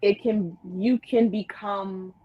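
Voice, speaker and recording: A woman's voice: medium pitch, steady tone, takes it slowly. A woman guest author on a panel giving brief, matter-of-fact answers. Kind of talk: panel discussion. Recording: muffled lo-fi stream audio.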